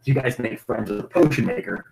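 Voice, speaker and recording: A man's voice: mid-range voice, lively intonation, gravelly, heavy background noise. A man, the game master, chatting casually about a tabletop campaign, laughing often and swearing freely. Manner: laughing often, acting out players in quick quoted voices, swears freely.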